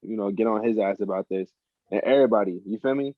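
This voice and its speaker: A man's voice: fairly low pitch, fast talker, no room sound. Guy on a podcast arguing his point, swearing a lot, really emphatic, kinda dull dry recording. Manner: emphatic, argumentative, swears freely. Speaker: co-host, rapper. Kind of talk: casual podcast debate.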